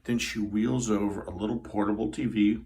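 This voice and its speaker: A man in his sixties telling a personal story, vivid and animated, acting out the scenes as he goes. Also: on the low side, normal speed. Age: 60s. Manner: vivid, animated retelling with sound effects.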